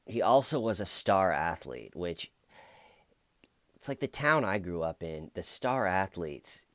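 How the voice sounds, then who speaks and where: A man with a very low voice chats through a true crime case in casual commentary. He rambles and drops wry jokes along the way. The sound is dry and close, with no room to it. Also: no echo.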